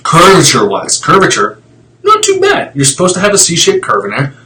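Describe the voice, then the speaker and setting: A man's voice: fairly high pitch, huge pitch swings, brisk, sharp tone, slight background noise, poor audio. A man talking casually on a live stream, explaining x-rays in a blunt, fired-up way, with tangents and mild swearing. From Italian heritage.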